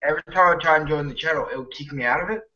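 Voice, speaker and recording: A man with a bright, tense voice talks quietly and a little hesitantly on an online podcast call. The audio is dull and lo-fi. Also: on the high side, rapid-fire. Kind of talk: casual online call chat.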